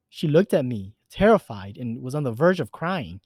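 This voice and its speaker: A man's voice: mid-range voice, big pitch swings, moderate pace, darkish tone, no echo. A man reading a first-person horror story in an earnest, emphatic way. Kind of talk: scripted narration of a horror story.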